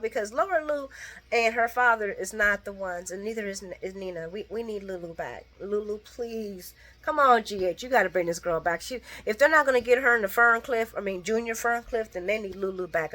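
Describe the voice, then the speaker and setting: Sassy woman doing a soap recap. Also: a bit bright. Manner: sassy, blunt, talks to viewers as "girl" and "guys"; acts out characters' lines with big pitch jumps. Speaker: soap opera recap vlogger. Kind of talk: casual late-night recap chat.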